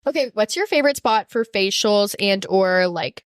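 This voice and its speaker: A woman's voice: medium pitch, expressive, normal speed, clear, resonant tone, no room sound, studio quality. A young woman hosting a podcast, chatting in a bubbly way with lots of affirmations and "like". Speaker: podcast host. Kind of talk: casual chat.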